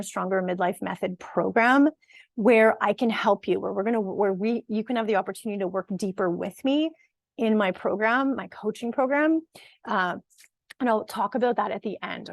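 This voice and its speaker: A woman's voice: medium pitch, normal speed, creaky, dry recording. A woman in her forties, a fitness and nutrition coach, talking straight to her audience in an earnest, emphatic way and often restarting her sentences. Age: 40s. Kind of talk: casual direct-to-camera monologue.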